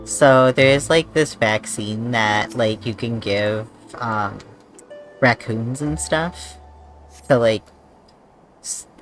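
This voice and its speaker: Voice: mid-range voice, slow pace, pauses often, a bit bright. A game streamer chatting casually with a co-op partner, rambling with lots of fillers. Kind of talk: casual chat while gaming. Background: faint game music.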